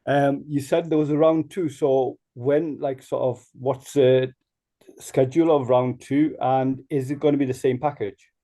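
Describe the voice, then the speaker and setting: A man asking a hesitant, halting question on a call. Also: mid-range voice, fairly even intonation, mellow. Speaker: caller. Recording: distant, from the mic.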